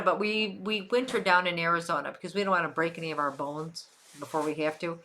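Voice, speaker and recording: Older woman livestream host, chatty, bright and slightly low, loves to repeat herself. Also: fast talker, hardly any pauses, a little hiss or hum. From Western New York. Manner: chatty, repeats phrases for emphasis. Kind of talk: casual chat answering viewers.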